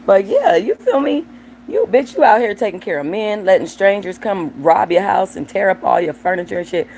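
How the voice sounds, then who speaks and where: A woman's voice: mid-range voice, big pitch swings, measured pace, creaky, background noise. A woman hosting a livestream, giving blunt, profane commentary on viewer comments and talking aside to her dog. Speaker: livestream host.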